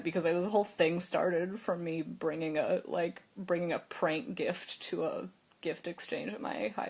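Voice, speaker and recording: Slow, chatty young woman telling a story. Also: medium pitch. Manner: chatty, laughs often, lots of "like". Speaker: livestream host. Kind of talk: casual storytelling livestream. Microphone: phone.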